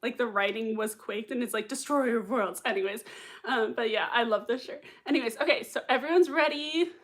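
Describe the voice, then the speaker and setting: Bubbly high-voiced young woman. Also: a little fast. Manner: bubbly and giggly, reading chat comments aloud. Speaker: livestream host reacting to a TV episode. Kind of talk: casual livestream chat. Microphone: desk mic with earbuds.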